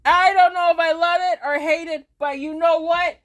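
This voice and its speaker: A woman hosting a reaction video, talking in an animated way with a lot of laughing and exclaiming. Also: extremely high pitch, moderate pace. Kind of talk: excited reaction commentary.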